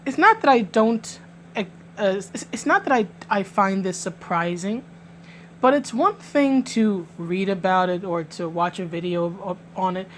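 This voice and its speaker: Unhurried but lively in intonation, a New York vlogger with a medium-pitched voice and local accent speaks directly to camera with emphatic indignation, frequently restarting her words. A little hiss or hum sits under the audio.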